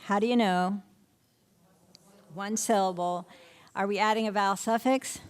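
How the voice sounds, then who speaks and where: A middle-aged literacy instructor teaches a spelling lesson to teachers, firing short questions at the room and often answering them herself. Her medium-pitched voice is clear and resonant, with fairly even intonation and an unhurried pace.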